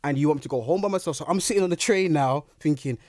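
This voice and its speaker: A young man, a guest in a casual interview, tells his story with animation and acts out his own reactions. His slightly high voice comes rapid-fire. The recording is dry and close, with no echo.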